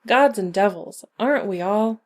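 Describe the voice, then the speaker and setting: A woman voicing Death as a short, round old grandmother, calm and gently amused. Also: mid-range voice, moderate pace, close to an everyday voice.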